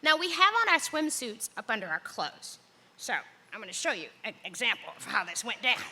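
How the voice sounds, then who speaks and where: A middle-aged woman telling a personal story on stage in a large hall, acting out the voices with big jumps in pitch. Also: very animated, brisk, sharp tone, slight background noise. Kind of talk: live storytelling performance.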